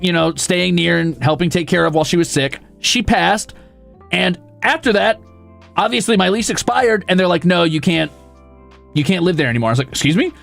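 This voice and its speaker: A man's voice: high-pitched, gravelly. A young man chatting casually on stream, telling a story with lots of swearing and acted-out quotes. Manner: profane, animated storytelling with voiced quotes. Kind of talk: casual chat. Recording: faint music behind.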